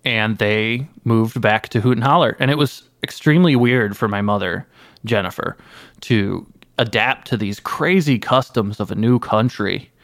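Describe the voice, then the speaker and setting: A man playing a guest in an improvised comedy interview, telling absurd stories with mock-earnest deadpan. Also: lowish voice, normal speed, no echo, clean studio sound. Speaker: guest playing an anime creator.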